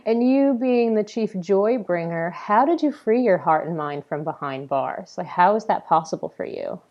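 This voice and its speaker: A woman hosting an online interview, encouraging her guest with soft affirmations and questions. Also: lowish voice, lively intonation, normal speed, highs cut off. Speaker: interview host.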